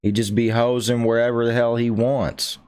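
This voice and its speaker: A man hosting a reaction video, making slow, wry, joking comments. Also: medium pitch, flat delivery, a little mellow, clean tone.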